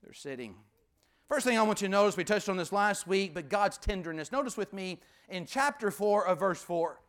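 A man preaching a sermon as pastor, emphatic, repeating key phrases and sometimes dropping to a hushed voice. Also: sits high, lively intonation, brisk, clean tone.

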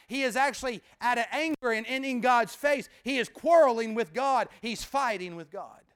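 A man preaching a sermon in a folksy, conversational way, swinging from loud emphatic bursts to hushed near-whispers. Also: extremely high pitch, moderate pace, few pauses, clear, resonant tone. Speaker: pastor.

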